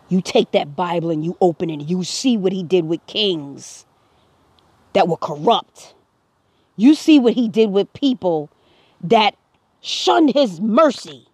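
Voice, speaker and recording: A woman's voice: on the low side, animated, unhurried, a little mellow, breathy edge, dry recording. A woman speaking to camera, earnest and preachy, her voice rising to emphatic peaks. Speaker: vlogger. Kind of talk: impassioned personal commentary.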